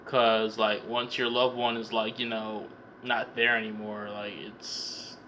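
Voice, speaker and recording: A man's voice: lowish voice, flat delivery, takes it slowly, pushed and bright, a little hiss or hum. A young man recapping a film for his vlog in a rambling, profane way, stammering and repeating words as he goes. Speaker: vlogger reviewing a film. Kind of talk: casual profane comedic movie recap.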